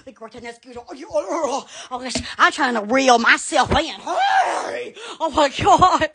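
Excitable high-voiced woman on a live stream. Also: normal speed, a crowd in the background. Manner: excitable, gushing, laughing often; repeated exclamations. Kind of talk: casual live-stream chat. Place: indoors at home. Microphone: phone.

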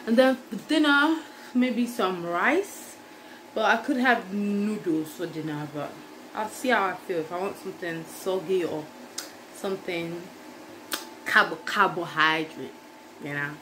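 A young woman, chatting casually to camera as a vlogger, laughing often and trailing off into soft mumbles. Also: lowish voice, measured pace, noisy background.

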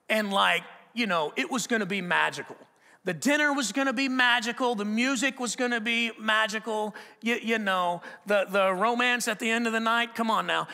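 A man preaching a sermon as pastor, talking conversationally, repeating and restarting words, and growing animated and loud in stories. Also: high-pitched, gravelly. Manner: grows animated and loud when telling stories. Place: church auditorium. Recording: long hall reverb from the church auditorium.

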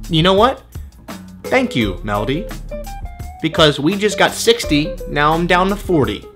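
A man's voice: fairly high pitch, big pitch swings, a little slow, music in the background. A man vlogging and reading comments aloud in a sarcastic, exasperated way. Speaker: YouTube vlogger.

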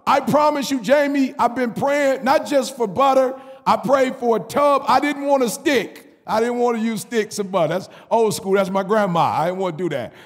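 A male pastor telling a story in an animated sermon, with repeated call-and-response phrases. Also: very high-pitched, normal speed, few pauses. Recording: reverberant hall.

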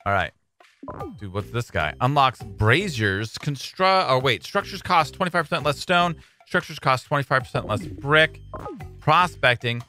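A man giving casual let's-play commentary on his own video, excitable, swinging between mumbling and loud outbursts. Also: mid-range voice, normal speed, soft background music. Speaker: gaming YouTuber.

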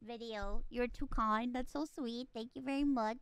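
A woman streamer on a desk microphone, speaking softly and emotionally, repeating her thanks. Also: fairly high pitch, fairly even intonation, moderate pace, smooth, no room sound. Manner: emotional, repeats herself, soft-spoken thanks. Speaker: streamer reacting to a video. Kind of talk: casual live-stream chat.

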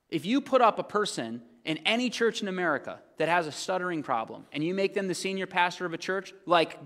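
A man preaching a sermon as pastor, swinging between loud, emphatic points and quiet, low asides. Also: big pitch swings, fairly quick, few pauses, long reverb tail. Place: church sanctuary.

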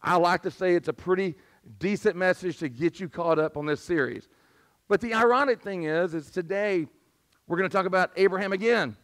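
Man, pastor preaching, high pitch, strained squeaky voice, asks the room for responses. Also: brisk, a bit bright. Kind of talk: sermon. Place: church sanctuary.

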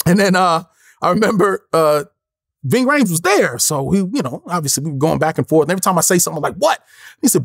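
A man's voice: high-pitched, quick pace, gravelly, husky, dry recording, studio quality. A man in his forties from Los Angeles, an interview guest telling stories and acting out the lines of the people in them. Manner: acts out quoted lines in lively voices, swears freely. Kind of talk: animated storytelling.

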